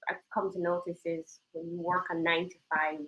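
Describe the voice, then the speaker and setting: Woman co-host, bright voice, easygoing and encouraging. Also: fairly low pitch, flat delivery, a little fast, muffled recording. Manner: encouraging listener, laughs often. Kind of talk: casual chat.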